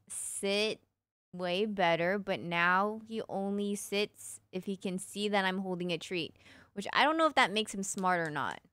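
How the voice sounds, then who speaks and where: A woman's voice: mid-range voice, a bit bright, clear, resonant tone, no echo. A young woman streaming live, casually chatting and answering her viewers' questions in a playful way, humming little nonsense sounds between thoughts.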